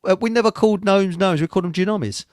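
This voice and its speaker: A man's voice: high voice, rapid-fire, no echo. Older man, rambling joke-teller. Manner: rambling joke-telling, chuckles at his own stories. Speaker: host. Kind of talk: casual chat on a live internet talk show.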